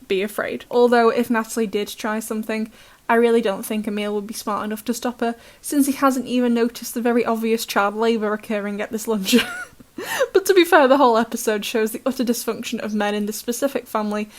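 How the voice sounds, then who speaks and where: A woman's voice: fairly high pitch, a little fast. Sarcastic British woman recapping episodes. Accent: British English. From Britain. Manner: chatty, sarcastic, laughs often.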